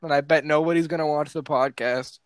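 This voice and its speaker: A man's voice: a little high, fairly even intonation, background noise. Joking man on a casual podcast. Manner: joking, swearing, quick to laugh. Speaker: podcast co-host. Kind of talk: casual chat. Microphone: not his usual microphone.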